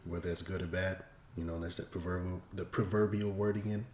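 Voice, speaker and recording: A man in his thirties talking in a reflective, measured way in a casual podcast discussion. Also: low voice, fairly even intonation, a little mellow. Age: 30s. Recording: echoey room.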